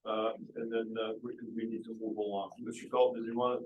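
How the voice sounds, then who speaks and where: A man chairing a town board public hearing, speaking haltingly with restarts. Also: fairly low pitch, little pitch movement, lo-fi sound. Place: town hall meeting room. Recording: echoey room from far off.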